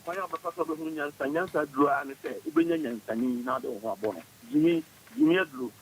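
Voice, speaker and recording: A man's voice: a little high, brisk, rough recording. A man joining a radio chat as a guest, rambling and laughing as he talks. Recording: radio broadcast with faint hiss.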